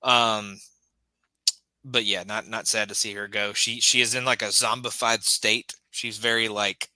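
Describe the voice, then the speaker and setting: A man's voice: on the low side, little pitch movement, measured pace, bright, forceful tone, no echo, poor audio. A man co-hosting a wrestling podcast, talking in a hesitant way with lots of "uh" and restarts. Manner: hesitant, many fillers and restarts. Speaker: podcast co-host. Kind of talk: casual chat recapping wrestling.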